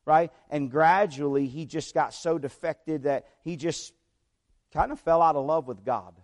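A man's voice: fairly high pitch, a little slow, darkish tone. A man preaching a sermon, telling a story in a conversational way and checking in with the congregation. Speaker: pastor.

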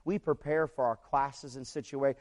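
A man's voice: mid-range voice, fairly even intonation, normal speed, darkish tone. A man preaching a sermon, telling a story in a conversational way and checking in with the congregation. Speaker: pastor.

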